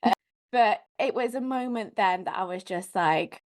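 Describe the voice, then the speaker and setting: A woman speaks as a podcast guest in an open, conversational way. Her voice sits at an ordinary middle pitch. She talks frankly and expressively, filling her story with "like" and the occasional curse. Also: moderate pace. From Wales. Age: adult mother. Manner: frank, expressive, peppered with "like" and mild swearing.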